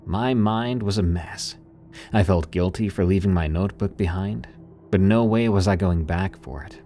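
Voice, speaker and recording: A man's voice: low-pitched, moderate pace, warm tone, soft background music. A man narrating a first-person horror story in a dramatic, suspenseful storytelling manner.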